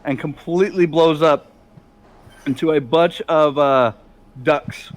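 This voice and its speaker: A man runs a tabletop role-play game as its game master, narrating scenes on the fly and breaking into laughter often. His voice sits a little high for a man. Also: fairly even intonation. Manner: laughing often, quick improvised storytelling.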